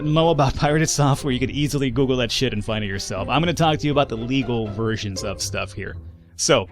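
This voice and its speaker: A man giving casual, sarcastic let's-play commentary, rambling and swearing freely. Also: mid-range voice. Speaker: gameplay commentator.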